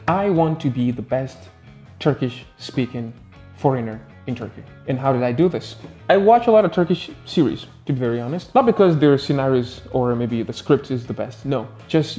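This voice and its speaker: A man, a native Arabic speaker, gives an English pronunciation lesson in a casual, playful way, letting his pitch swing up and down for emphasis. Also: dark tone. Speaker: English tutor.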